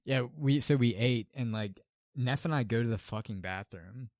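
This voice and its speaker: Young male podcast co-host, dry close mic, swears freely, animated storyteller. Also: mid-range voice, normal speed, no room sound. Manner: profane storytelling with lively quoted voices. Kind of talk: casual chat.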